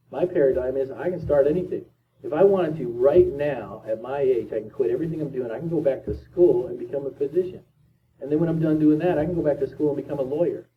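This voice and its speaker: A man's voice: medium pitch, fast, slight background noise. A man in his fifties giving an emphatic, repetitive motivational talk as a speaker. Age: 50s. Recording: distant tinny lo-fi recording.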